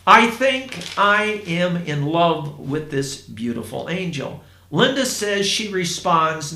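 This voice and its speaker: A man from Indiana telling a first-person story in a plain, unhurried way, with asides to his listeners. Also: a little high, sing-song, pushed and bright. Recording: roomy echo.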